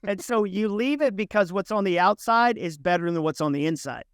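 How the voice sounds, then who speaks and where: Middle-aged male author guest, animated storyteller, fairly high, smooth clear tone, dry close mic. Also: fairly quick, no echo. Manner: animated, illustrates points with voiced inner dialogue. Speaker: author and speaker, podcast guest. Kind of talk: conversational interview, storytelling with acted quotes.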